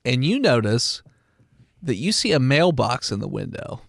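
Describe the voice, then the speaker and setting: A man narrating a tabletop game as game master, lively, often laughing and slipping into voices. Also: medium pitch, moderate pace, gravelly, no echo, clean studio sound.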